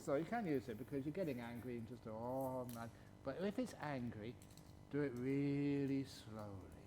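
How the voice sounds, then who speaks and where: A man, a Buddhist monk, giving a playful dharma talk and answering questions at a retreat, chuckling and stretching words slowly for emphasis. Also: medium pitch, animated, mellow, slight background noise.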